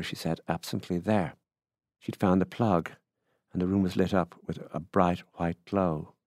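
An Irish man with a very deep voice reads a literary story aloud in a measured, unhurried way. The sound is dry and close, with no room around it. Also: fairly even intonation, vocal fry, a little mellow, no echo. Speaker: reader. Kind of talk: literary reading.

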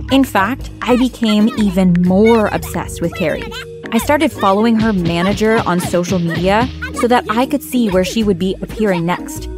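A young woman narrating her own story in the first person, acting out her own lines with feeling. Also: medium pitch. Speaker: narrator and lead character. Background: background music.

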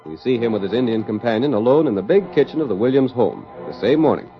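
A man narrates a 1930s radio drama in a grand, declamatory way. His pitch swings widely. The sound is dull and muffled, with faint music behind him. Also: expressive, quick pace.

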